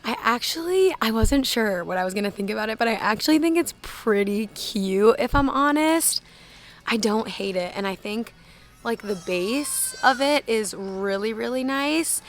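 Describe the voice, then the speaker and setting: A woman's voice: fairly high pitch, animated, moderate pace. A young woman filming a casual walkthrough in a big store, chatting loosely and reading out prices as she goes. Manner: chatty, lots of "like", reads out prices. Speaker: shopping vlogger. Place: inside a large retail store.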